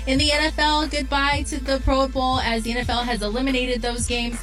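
A woman reading a brisk sports news update on a radio show. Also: fairly high pitch, a bit bright, low-quality recording. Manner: brisk, newsy delivery.

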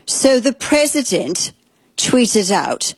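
A woman with a breathy, husky voice talks through the news as a political commentary host. She rambles, restarts her sentences and states her opinions openly. The recording is dry and close. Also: on the high side, big pitch swings, slow, dry recording.

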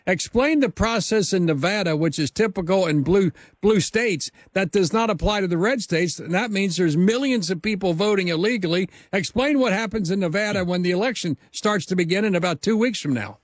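A high-pitched man hosting a political talk show, rambling and halting with fillers as he builds up to his questions. His voice sits close and dry, with no room around it. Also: dry recording.

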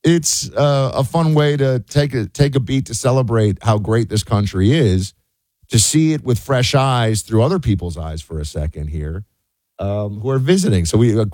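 A middle-aged man from the United States hosting a show, talking in a loose, animated way full of fillers and restarts. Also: mid-range voice, no room sound. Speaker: show host. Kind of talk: casual commentary monologue.

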